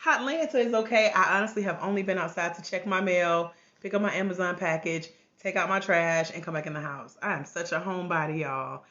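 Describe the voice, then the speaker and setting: A woman hosting a casual livestream from home, hoarse with a cracking voice, chatting and greeting viewers by name through a tablet mic. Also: on the low side, fairly quick, hardly any pauses, fairly bright tone. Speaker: life coach trainer hosting a livestream. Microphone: tablet microphone. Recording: grainy lo-fi livestream audio.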